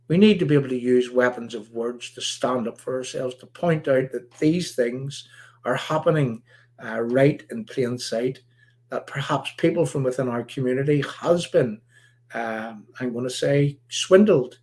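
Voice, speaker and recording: Male host, mid-pitched, emphatic and repetitive delivery with frequent pauses. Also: darkish tone. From Northern Ireland. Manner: emphatic, repetitive, halting with many uh's. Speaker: livestream host. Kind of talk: political commentary livestream.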